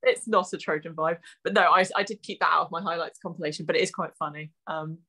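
Young woman, co-host, dry teasing delivery, bright crisp voice. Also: low voice, fairly even intonation, quick pace. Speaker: podcast co-host and rugby prop. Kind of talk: casual chat.

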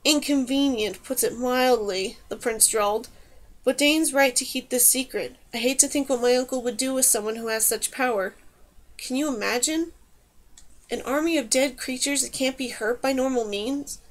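A cool young prince who drawls his words slowly, as a woman narrator puts him on. Her voice stays high and light. An audiobook reading. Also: a bit bright. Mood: dry. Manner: slow drawl.

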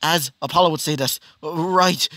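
Brief: man, fairly high voice, casual rambling storyteller, dry close sound. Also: lively intonation, a little slow, a bit bright, no echo. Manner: rambling and casual, many fillers and self-corrections. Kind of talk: improvised fan-fiction narration.

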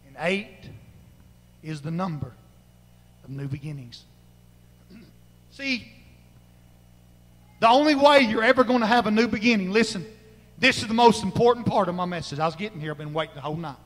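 A male pastor preaching a fervent sermon, moving between shouted exhortation and quiet, low asides. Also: big-room sound, low-quality recording. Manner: fervent, swings from loud crying out to low murmurs. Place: church sanctuary.

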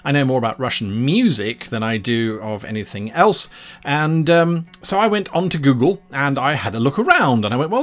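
A man, a game master, explaining how he designed a tabletop adventure, rambling with many asides. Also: mid-range voice.

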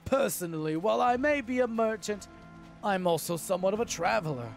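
An actor voicing a calm, philosophical male traveling merchant in a video game. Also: sits high, a little fast, creaky, soft background music.

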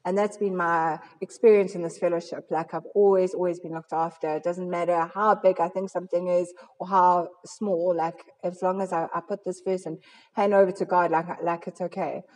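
A woman's voice: on the low side, flat delivery, moderate pace, darkish tone. A South African woman giving an earnest, rambling personal testimony to a recovery fellowship, with many fillers. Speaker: recovery fellowship member sharing. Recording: long hall reverb.

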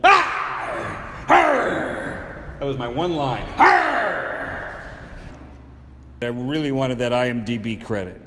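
Dude playing a whiny drama-queen actor, fake british accent, slow and swoopy, big hall echo. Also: medium pitch, very animated. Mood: self-pitying. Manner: theatrical, wailing outbursts. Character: melodramatic male actor, self-pitying, fake British accent. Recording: long hall reverb, faint noise.

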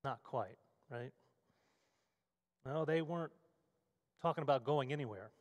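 A man's voice: mid-range voice, measured pace, darkish tone. A male pastor delivering a sermon with vivid, storytelling scene-setting. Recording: long hall reverb.

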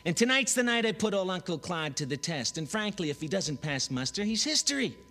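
A man's voice: high-pitched, sing-song, a little fast, sharp tone, voice pushed up, exaggerated voice. A man playing a brash, slangy modern Hamlet telling his story with swagger.

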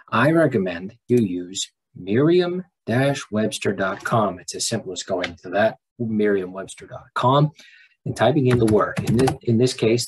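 A man walks students through a lesson on his screen in a casual, folksy voice-over. His voice sits low and sounds very raspy and husky. He speaks loosely, with filler sounds and small restarts. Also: rough recording. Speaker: teacher.

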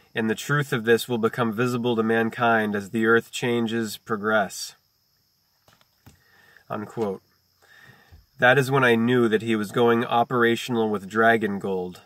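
A man hosting a video who reads a book aloud, breaking off for slow, deliberate wordplay and chant-like lists. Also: medium pitch, a bit bright, dry recording. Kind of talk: reading aloud mixed with free-associating musings.

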